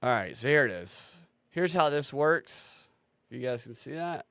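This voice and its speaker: A man's voice: mid-range voice, expressive, unhurried, creaky, fairly bright tone, clear, resonant tone, no room sound. A man hosting a livestream, talking casually in a sarcastic, ranting way and swearing freely. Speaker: livestream host.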